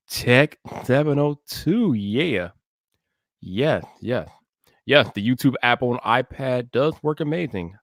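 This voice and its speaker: A man hosting a tech podcast live, chatting casually with viewers and greeting them by name, then hyping his intro with shouted energy. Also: medium pitch, no echo, studio quality.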